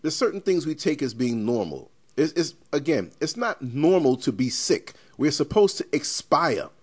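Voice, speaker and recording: A man hosting a podcast, telling stories in an animated, emphatic and rambling way. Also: fairly high pitch, normal speed, husky. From New York. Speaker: podcast host. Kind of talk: casual podcast chat.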